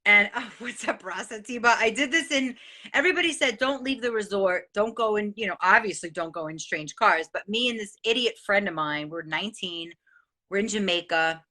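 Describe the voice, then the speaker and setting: An excitable middle-aged woman talks straight to her viewers, her voice bright and forward. She swears freely as she hands out life advice, and she does not hold back. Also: medium pitch, fairly quick. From New York. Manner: excitable, animated and profane. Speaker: host sharing life advice. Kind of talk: casual motivational monologue.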